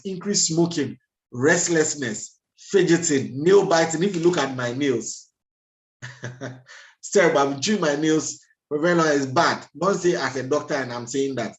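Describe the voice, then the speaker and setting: A man, a doctor giving a lively health lecture over a video call, laughing at himself and acting out everyday scenes. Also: a little high, moderate pace, echoey room, slight background noise, poor audio.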